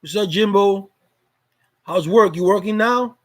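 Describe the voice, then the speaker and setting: Man, high-pitched, live stream host, casual chat, loose and repetitive. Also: a little slow, rough recording. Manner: loose, greets viewers by name, repeats words.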